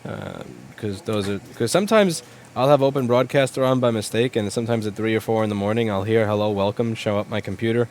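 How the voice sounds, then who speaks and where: A man's voice: on the low side, a little fast, few pauses, darkish tone, slight background noise. A young man hosting a casual livestream, answering viewers' questions in a blunt, rambling, profane way. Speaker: livestream host, repair shop owner.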